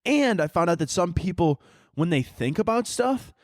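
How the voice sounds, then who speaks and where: Very animated and high-voiced, a man talks at a normal speed while hosting his podcast by himself. He rambles through tangents with casual jokes and profanity, holding a handheld mic, in clean studio audio without echo.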